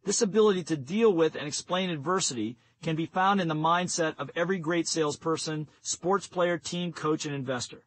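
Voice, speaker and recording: Man reading in a slightly high voice. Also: fairly bright tone, slight background noise, low-quality recording. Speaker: audiobook narrator. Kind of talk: scripted narration.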